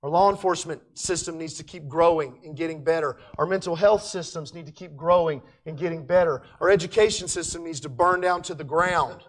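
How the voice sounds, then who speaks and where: A man teaching from the Bible with passion, swinging from loud declarations to quiet asides and slowing down to stress key words. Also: a little high.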